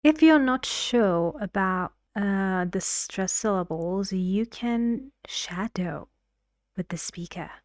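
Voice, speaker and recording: Slow, patient woman teaching pronunciation. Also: mid-range voice, animated, no echo, studio quality. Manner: patient, drills syllables aloud with "da da da". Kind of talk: slow, careful classroom instruction.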